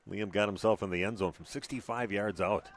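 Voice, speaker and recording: A man calling a high school football game live on radio as the play-by-play announcer, talking loosely with frequent "uh" fillers. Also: steady tone, brisk.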